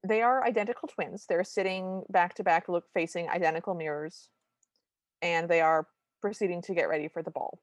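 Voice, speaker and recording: A woman's voice: fairly low pitch, fairly quick, no echo. A woman co-hosting a podcast, chatting in a wry, detailed way about an old cartoon. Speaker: podcast co-host. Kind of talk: casual chat reviewing a cartoon.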